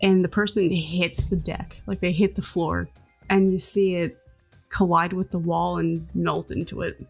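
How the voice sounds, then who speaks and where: A woman's voice: fairly low pitch, little pitch movement, a little slow, gravelly, husky, faint music behind. A woman narrating as game master of a tabletop game in a casual, filler-laden way.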